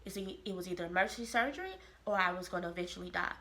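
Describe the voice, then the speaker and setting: A woman from Kansas City, telling a personal story to camera in a lively, expressive way. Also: on the low side, rapid-fire. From Kansas City, Missouri. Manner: animated, expressive storytelling with quoted voices. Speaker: vlogger. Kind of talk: casual storytelling.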